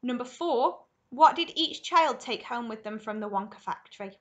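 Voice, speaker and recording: A woman primary school teacher reading a story aloud to children in a lively, expressive way. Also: on the high side, normal speed, muffled recording.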